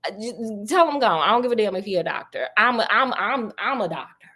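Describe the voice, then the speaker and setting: A woman's voice: medium pitch, lively intonation, a little fast, bright, forceful tone. A woman doing a rude, scheming poisoner. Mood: gruff. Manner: gruff and cursing.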